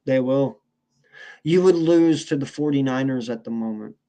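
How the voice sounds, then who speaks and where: A man's voice: mid-range voice, moderate pace, warm tone. A man co-hosting a sports podcast, ranting in a heated, profane, casual way. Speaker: podcast co-host.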